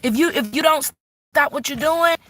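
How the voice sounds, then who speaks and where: A woman's voice: high-pitched, moderate pace, fairly bright tone, no echo. A woman giving a live-stream tarot reading, sassy and blunt, cursing freely and scolding the viewer like an auntie. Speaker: tarot reader.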